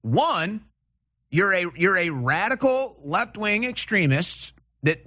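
A man's voice: a little high, pushed and bright. A man hosting a political call-in radio show, ranting with repeated rhetorical questions and restarts. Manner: agitated, repetitive, rising to indignant rhetorical questions. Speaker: radio talk show host.

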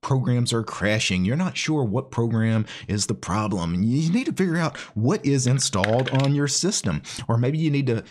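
A man's voice: medium pitch, animated, moderate pace, few pauses. A man hosting his own channel, explaining commands step by step in a casual, conversational way, often adding "you know" and "right?". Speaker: channel host. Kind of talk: casual screen-share tutorial.

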